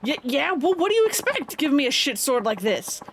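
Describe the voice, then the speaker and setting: A woman's voice: sits high, very animated, fairly quick, noisy background. A woman voicing a brash, foul-mouthed male yakuza thug with coarse, swaggering street talk, reading game lines aloud.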